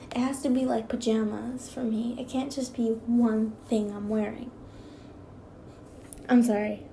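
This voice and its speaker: A woman's voice: fairly high pitch, little pitch movement, measured pace, creaky, mellow, slight background noise. A young woman with a slight lisp, reading fanfiction aloud with rambling, giggly asides and stumbling over words. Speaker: fanfiction reader.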